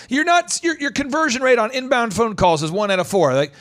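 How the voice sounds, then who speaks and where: A man hosting a business podcast, talking emphatically and firing off rhetorical questions. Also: very high voice. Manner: animated, emphatic, rapid-fire rhetorical questions. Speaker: host and business coach. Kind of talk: energetic podcast talk.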